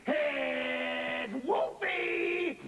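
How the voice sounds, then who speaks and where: A man voicing a greedy, rude, boastful male wolf with a rough, scratchy voice, blustering and crude in a comic children's story. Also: extremely high pitch, very slow, pitched above the performer's own voice, exaggerated voice. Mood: sly coaxing. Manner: blustering and crude, muttering asides.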